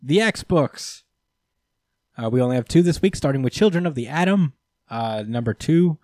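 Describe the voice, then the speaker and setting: A man's voice: mid-range voice, expressive, moderate pace, a little mellow, no echo. A man co-hosting a podcast, talking through comic books in a casual, laid-back way with some swearing. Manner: laid-back, loosely profane. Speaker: podcast co-host. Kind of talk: casual comic book discussion.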